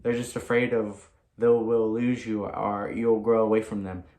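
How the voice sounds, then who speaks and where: A man's voice: lowish voice, level tone, a little slow, a little mellow. A man reading his own book aloud in a casual way, repeating lines and adding asides. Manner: reads loosely, repeats lines, breaks into chants and remarks. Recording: roomy echo.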